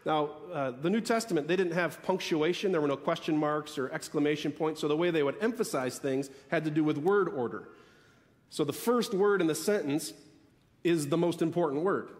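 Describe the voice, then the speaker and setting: A man preaching a sermon as pastor, emphatic, repeating key phrases with dramatic pauses. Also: a little high, long reverb tail.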